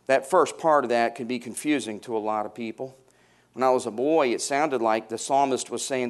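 A male pastor delivering a sermon, swinging between soft, hushed passages and loud, rising emphatic stretches, and calling on the congregation to respond. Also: medium pitch, normal speed.

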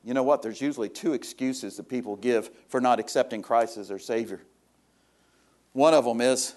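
A male pastor preaching a sermon, reading scripture and then explaining it, swinging between loud rising exhortation and quiet confiding talk. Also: medium pitch, moderate pace. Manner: reads scripture aloud, then explains it plainly.

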